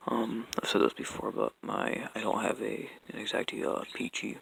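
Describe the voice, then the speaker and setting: A young man talking in a rambling personal apology monologue, halting and stumbling, with constant fillers and restarted sentences. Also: lowish voice, level tone, creaky, fairly bright tone, slight background noise, low-quality recording. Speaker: vlogger.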